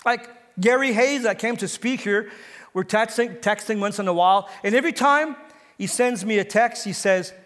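A man's voice: sits high, moderate pace, fairly bright tone, big-room sound. A male pastor preaching a sermon, retelling a story and asking his listeners questions, building toward emphatic exhortation. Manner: storytelling, asks the congregation questions. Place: church sanctuary.

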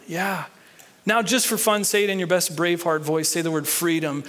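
A man with a high, fairly bright voice preaches a sermon as pastor, keeping a steady tone and normal speed. He talks conversationally, repeats key lines, restarts words, and leads the congregation in reading aloud and call-and-response.

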